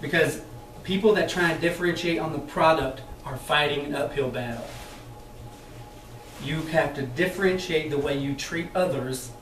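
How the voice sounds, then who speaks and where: A chatty, animated man teaches a roomful of trainees, laughing as he goes and putting on voices for the people he quotes. He sits a little high for a man, and the sound is roomy and echoey, as if the mic is some way off. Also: moderate pace. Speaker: sales trainer. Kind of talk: training talk to a live group. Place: meeting room with an audience. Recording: echoey room, mic far off.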